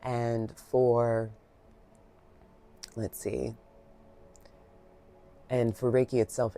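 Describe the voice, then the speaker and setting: A woman giving a reflective guided Reiki talk, soft-spoken, heartfelt and rambling, with many fillers, a little emotional. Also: very deep voice, flat delivery, very slow, vocal fry, pauses often, slight background noise. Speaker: Reiki practitioner.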